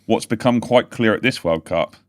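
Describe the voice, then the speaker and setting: A man's voice: on the low side, normal speed, no room sound, studio quality. A man hosting a casual football podcast, swearing, laughing easily and losing his train of thought. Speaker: podcast host.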